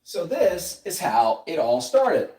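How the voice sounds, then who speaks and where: A business coach in his thirties with a South Louisiana accent tells a story to camera from his office. His voice sits high and sounds husky, and he speaks at a slow pace. He's animated and conversational, acting out dialogue as he goes.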